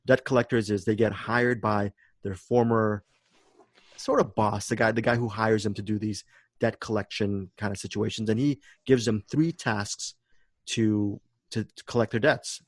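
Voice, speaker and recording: A man's voice: lowish voice, fairly even intonation, normal speed, no echo. A man hosting a podcast in casual chat, enthusiastic and repeating words as he thinks. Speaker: podcast host.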